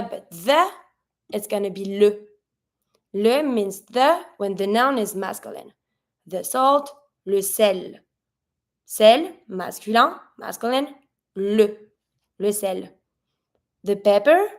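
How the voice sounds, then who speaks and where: A woman with a French Canadian accent teaching French pronunciation, spelling out sounds and slowing down for each model word. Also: on the high side. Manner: patient, spells out sounds, slows down for model words. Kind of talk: pronunciation lesson.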